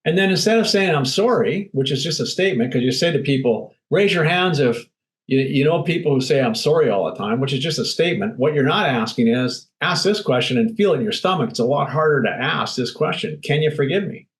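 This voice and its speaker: A man's voice: a little high, expressive, a little fast, low-quality recording. A man speaking bluntly and emphatically as an interview guest, acting out little quoted exchanges. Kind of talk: candid interview talk.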